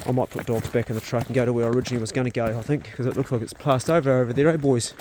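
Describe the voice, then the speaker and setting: A man's voice: mid-range voice, fairly even intonation, racing, background noise. A man giving casual, chatty vlog commentary outdoors and in a truck, talking to his dogs as he goes. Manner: laid-back, chatty, talks to his dogs. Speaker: vlogger.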